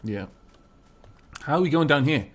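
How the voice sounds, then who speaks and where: Animated laughing gaming host, man. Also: fairly high pitch, moderate pace. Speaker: host and co-player. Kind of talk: casual gaming chat.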